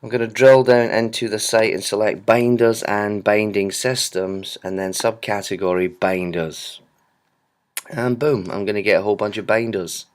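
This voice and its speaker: A man giving a relaxed, conversational walkthrough of a software storefront, with frequent ums. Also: fairly low pitch, moderate pace. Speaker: software product presenter. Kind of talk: screen-recorded product walkthrough.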